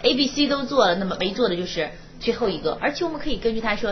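A woman teaching a university English class, explaining in Mandarin and slowly reading English lines aloud. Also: on the high side, expressive. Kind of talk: classroom lecture. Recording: dull old classroom recording with faint hiss.

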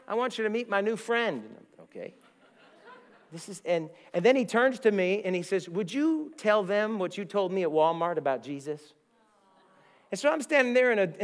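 A middle-aged male pastor from the United States telling stories in a sermon, animated, often repeating words and acting out the voices he quotes. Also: high-pitched. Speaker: guest pastor. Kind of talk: sermon with storytelling. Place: church sanctuary.

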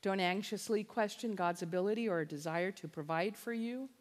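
A woman with a medium-pitched voice, speaking at a normal pace, preaches a sermon-style talk as a conference speaker and biblical counselor. She is impassioned and emphatic and leans heavily on repetition. The large hall gives the recording a long reverb.

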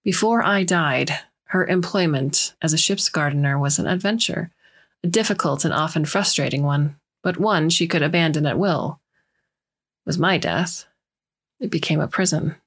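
A woman reading a science fiction story aloud in measured, scripted narration. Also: low voice, husky. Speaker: story reader.

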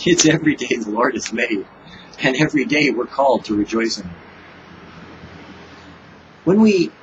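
Speaking in a mid-range voice, a preacher delivers an informal devotional talk, acting out little dialogues between himself and God. The recording sounds muffled with a faint hiss or hum.

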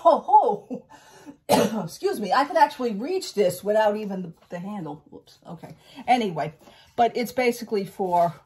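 A woman talking at home in a casual haul vlog, a rambling storyteller who keeps saying "I says" and turns loud and indignant over a grievance. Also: mid-range voice, breathy edge. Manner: gets loud and indignant when telling a grievance. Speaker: vlogger.

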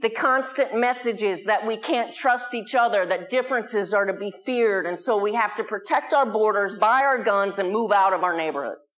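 A woman's voice: medium pitch, normal speed, hardly any pauses, fairly bright tone. An American woman leading a spiritual community, giving an earnest, conversational Sunday talk and putting questions to the people in the hall. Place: community hall before a live audience.

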